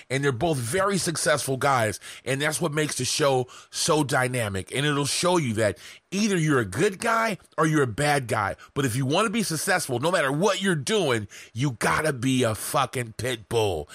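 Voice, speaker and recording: A man's voice: a little high, a bit bright, no room sound. A man teaching content writing in a loose, live, profanity-laden ramble, often checking in with "right?". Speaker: online marketing instructor.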